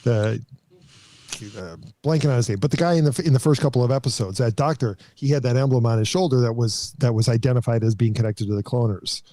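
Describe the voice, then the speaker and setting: A man with a mellow, warm voice, recorded dry and close, lays out his points on a podcast. He speaks at a measured pace and peppers his talk with ums. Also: mid-range voice, dry recording. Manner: measured, explaining, fillers like um. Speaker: podcast co-host. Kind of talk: casual chat.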